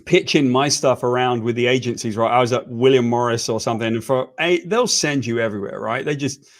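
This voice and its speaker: A man's voice: mid-range voice, fairly quick. A British man co-hosting a casual chat, telling anecdotes with lots of "right?" and laughter, over a video call. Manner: chatty storyteller, frequent "right?" and laughs. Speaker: co-host.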